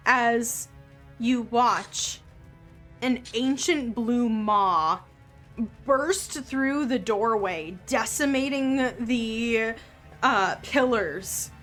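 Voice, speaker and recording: Slow, relaxed woman game master. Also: a little high. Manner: relaxed, with frequent ums and likes. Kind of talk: narrating a tabletop game.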